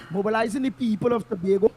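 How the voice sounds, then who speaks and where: A man's voice: high-pitched, a little fast, darkish tone, breathy edge. A man with a Trinidadian accent giving impassioned political commentary, emphatic and repetitive, in local Creole phrasing, heard through an online call-in mic.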